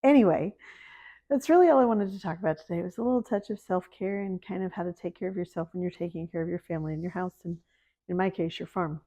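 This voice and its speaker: A middle-aged woman from the American Deep South, chatting casually to camera about her homestead and faith, laughing at herself. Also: quick pace, dark tone. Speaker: homesteading vlogger.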